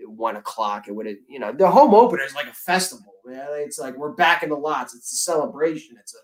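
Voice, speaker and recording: An American man talking as a podcast guest in a casual chat, animated and loud about his team. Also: medium pitch, a little fast, low-quality recording. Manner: animated, loud fan talk.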